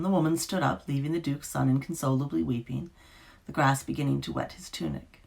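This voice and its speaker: A woman author giving an expressive, dramatic live reading of her fiction. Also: low-pitched, fairly quick, vocal fry.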